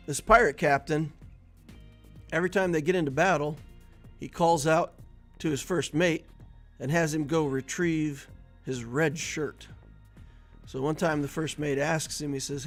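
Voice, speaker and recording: A man streaming a video game, chatting casually and telling jokes with a laugh. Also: on the high side. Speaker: gaming streamer. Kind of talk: casual live-stream commentary with joke telling.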